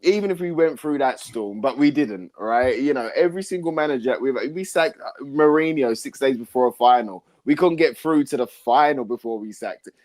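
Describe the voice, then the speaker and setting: A man's voice: medium pitch, lively intonation, normal speed, hardly any pauses, a little mellow. A man on a casual football podcast, laughing a lot and ranting in exasperation. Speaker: podcast guest.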